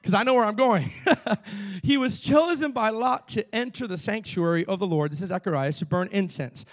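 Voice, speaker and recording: A man with a Cuban accent, a pastor preaching a sermon to his congregation with energetic call-and-response. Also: sits high, moderate pace. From Cuba. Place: church sanctuary.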